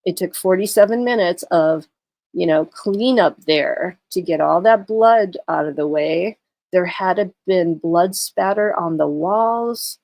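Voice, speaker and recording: Tired, chatty woman with a lowish voice. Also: a little slow, gravelly, a little mellow, no room sound. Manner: chatty, greets viewers, many fillers. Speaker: true crime livestreamer. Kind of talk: casual livestream chat.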